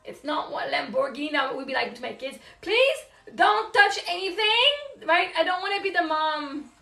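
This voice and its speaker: A woman's voice: sits high, vocal fry, a bit bright, roomy sound, recorded from a distance. A woman venting candidly about motherhood in casual live-stream chat while folding laundry at home, swearing and laughing often. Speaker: live streamer, single mom.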